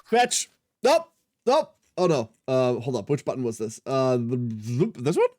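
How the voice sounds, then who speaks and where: A man's voice: mid-range voice, very animated, moderate pace, mellow, no echo, clean studio sound. A man in his thirties streaming a game, chatting casually and rambling with self-mocking humour as he answers chat. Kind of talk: casual live-stream chat while gaming.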